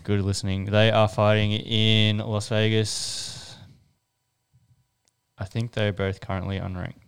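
Low, very smooth-voiced man. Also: flat delivery, unhurried. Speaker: podcast co-host looking up facts. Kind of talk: casual sports chat.

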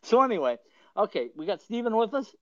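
A man's voice: high-pitched, big pitch swings, a little fast, dry recording. A man hosting a podcast who chats and tells stories casually, rambling and often chuckling mid-sentence. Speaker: podcast host. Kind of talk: casual storytelling chat. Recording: dull lo-fi dry sound.

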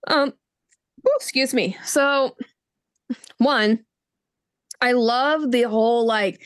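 A woman's voice: on the high side, slow, long pauses, clean tone. A woman co-hosting a book podcast, chatting casually and acting out scenes in little voices. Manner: animated, gushing, acts out scenes in voices. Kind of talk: casual chat.

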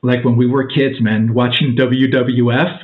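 A man's voice: medium pitch, little pitch movement, a little slow. A man in his forties, a podcast guest, telling a long story in a loose, casual way, acting out quotes and saying "man" and "dude" a lot. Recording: tinny phone-like line.

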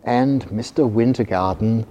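A man reading a children's picture book aloud, expressive and animated. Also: mid-range voice, measured pace. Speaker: storyteller. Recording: reverberant hall.

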